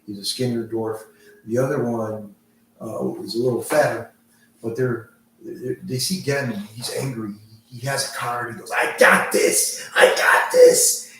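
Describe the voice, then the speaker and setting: A man's voice: medium pitch, fairly even intonation, moderate pace. A man narrating a tabletop role-play game as game master, rambling loosely with many fillers. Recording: echoey room, mic far off, faint noise.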